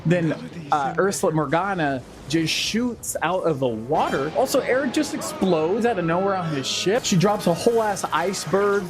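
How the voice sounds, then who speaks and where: A man's voice: high voice, expressive, moderate pace, music in the background. A man giving a casual film review commentary, sarcastic and swearing freely.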